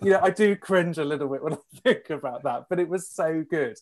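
A young man, a conductor, chatting as a podcast guest with easy enthusiasm. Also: a little high. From England. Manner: quick, enthusiastic, laughing easily. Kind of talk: casual interview chat.

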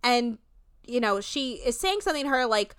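Brief: woman, 30s, podcast co-host, animated retelling, dry close mic. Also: clean tone, dry recording. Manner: animated retelling, shifting quickly between pitches. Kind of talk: casual chat recapping a TV show.

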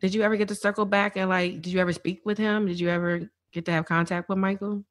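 A woman co-hosting an interview, chatty and quick to ask questions, often chiming in with small agreements. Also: medium pitch, flat delivery. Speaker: interview co-host. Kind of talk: conversational interviewing.

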